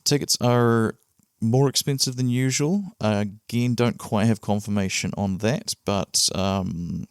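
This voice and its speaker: A man's voice: on the low side, unhurried, clear, resonant tone, no room sound, studio quality. A man with a New Zealand accent hosting his own podcast solo, talking casually and rambling a little with fillers. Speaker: podcast host.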